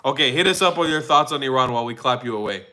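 Bright, brash male livestream host. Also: medium pitch, expressive, quick pace, poor audio. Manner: loud, joking hype-man delivery with swearing. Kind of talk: casual livestream chat. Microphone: phone hotspot livestream.

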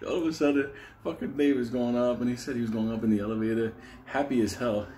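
A man's voice: medium pitch, big pitch swings, normal speed, darkish tone, a little hiss or hum. A man telling a comic story in a loose, profane way, chuckling as he goes.

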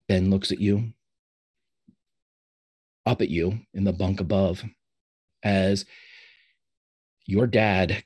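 Husky low-voiced guy narrating a tabletop game, loose and descriptive. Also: darkish tone. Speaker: game master.

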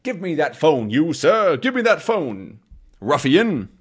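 A man's voice: a little high, sing-song, slow, breathy edge, voice pushed up, heavily acted. A man voicing a flustered, stiffly formal older male butler from a comic. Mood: indignant.

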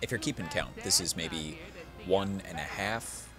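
A man's voice: sits low, a little slow. A man playing a video game and commenting, tipsy from drinking, rambling and swearing with mock-dramatic pleading. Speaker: let's play gamer. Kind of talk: casual let's play commentary. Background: video game music.

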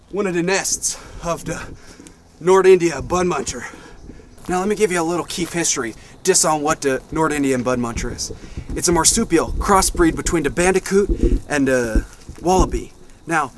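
A man playing an overblown wildlife explorer in a comedic mock nature documentary, talking with excitable bravado outdoors in the brush. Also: fairly high pitch, slight background noise. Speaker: spoof wildlife explorer host.

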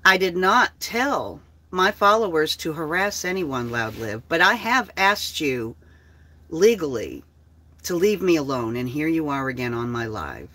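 A woman's voice: sits low, big pitch swings, unhurried, pushed and bright. A woman talking on her own livestream, blunt and heavily profane. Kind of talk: casual livestream talk.

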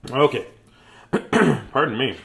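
A man's voice: mid-range voice, sing-song, slow pace, gravelly, sharp tone, slight background noise. A chatty, playful man reading a picture book to children at home. His voice sits in an ordinary middle range, and his talk rambles easily before he breaks into sing-song rhymes.

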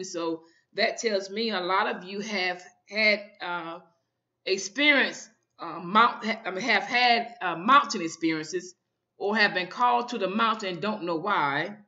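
A woman's voice: medium pitch, pushed and bright, muffled recording. A woman minister giving an informal online sermon, fervent and often repeating her calls to the listener.

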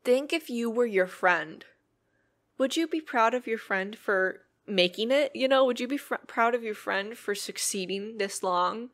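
A young adult woman hosts her own solo podcast, speaking earnestly and reflectively in a casual, rambling way full of filler words. Her voice is fairly high, expressive and fairly bright, and she takes her time.

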